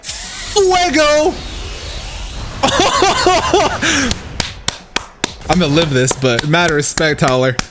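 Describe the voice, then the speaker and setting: A man's voice: on the high side, brisk, hardly any pauses, heavy background noise. A man casually commentating his own competitive match, thinking aloud and cheering his plays. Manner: excitable, thinks aloud, talks to the opponent.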